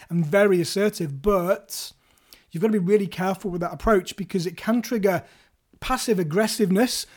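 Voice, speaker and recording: A man's voice: high-pitched, a little mellow. A man hosting his own podcast, talking listeners through negotiating skills in a playful, chatty way that speaks straight to them. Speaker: podcast host. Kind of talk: solo podcast coaching talk.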